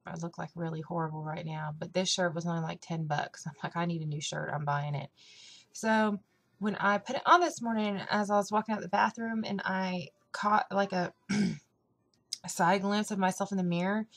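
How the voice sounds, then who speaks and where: A young woman chatting casually on her vlog, rambling with lots of fillers. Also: fairly low pitch. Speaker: vlogger. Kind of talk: casual weight-loss vlog chat.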